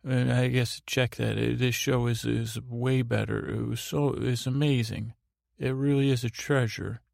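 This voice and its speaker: A man's voice: mid-range voice, fairly even intonation, measured pace, creaky, a little mellow, no echo, clean studio sound. A man hosting a sleep podcast, talking in a detached, tired, meandering way with many restarts. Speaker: podcast host. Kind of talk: rambling sleep podcast monologue.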